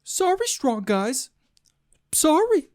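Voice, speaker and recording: A man doing an impression of a cocky male comedian, in a high, drawn-out and mocking voice. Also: sing-song, darkish tone, exaggerated voice. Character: cocky swaggering male comedian, gym boaster. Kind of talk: celebrity impression.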